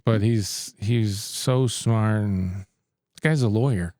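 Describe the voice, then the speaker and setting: A middle-aged man with a low, mellow voice tells stories from his playing days, slipping into the voices of the people he quotes. The recording is dry and close. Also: slow pace, dry recording. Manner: animated storyteller who acts out quoted exchanges. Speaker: interview guest, former baseball pitcher. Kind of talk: casual storytelling interview.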